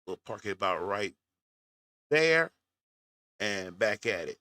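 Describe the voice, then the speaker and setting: Man, commentary host; slow, bright, lively delivery, folksy and direct to camera. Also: lowish voice, no room sound, studio quality. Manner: folksy, talks straight to his audience. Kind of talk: casual reaction commentary to viewers.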